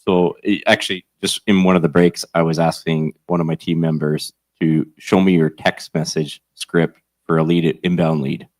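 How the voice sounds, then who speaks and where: A man answering on a conference panel in a calm, matter-of-fact way. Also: deep voice, normal speed. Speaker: panel guest.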